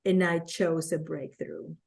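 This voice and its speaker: A Latina woman who is a guest on a podcast, telling stories from her career in an animated way and acting out the quotes. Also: sits low, slow pace, vocal fry. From Latin America. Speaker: guest, network marketer. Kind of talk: conversational storytelling.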